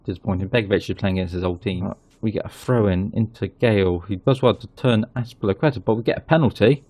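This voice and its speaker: A man hosting his gaming channel, chatting casually through a football management game and getting excited at goals. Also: fairly low pitch, fast talker, dry recording.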